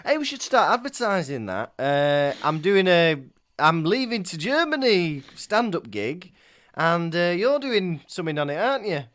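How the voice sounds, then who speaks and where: A man's voice: sits high, big pitch swings, moderate pace, a bit bright. A young man, co-hosting a casual podcast chat and telling jokey stories. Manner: jokey, chatty storyteller with frequent laughs and fillers. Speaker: podcast co-host.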